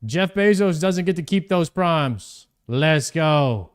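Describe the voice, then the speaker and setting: A man's voice: fairly high pitch, expressive, slow, clean tone. A man streaming a video game live, chatting casually and thanking viewers by name.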